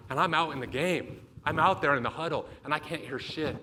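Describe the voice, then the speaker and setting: A man's voice: fairly high pitch, a little fast, pushed and bright. A man giving a motivational keynote talk, telling a vivid story with lots of swearing. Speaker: motivational speaker. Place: event stage.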